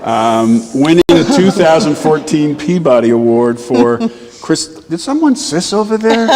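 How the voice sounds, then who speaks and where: Man deputy mayor, ceremonial proclamation, wry asides, mid pitch, long hall reverb. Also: lively intonation, slow pace, a little mellow, slight background noise. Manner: wry, joking asides between formal lines.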